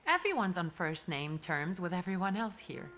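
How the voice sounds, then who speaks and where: A woman's voice: on the low side, sing-song, moderate pace, a bit bright, slight background noise. An actress playing a young female student with a teasing manner.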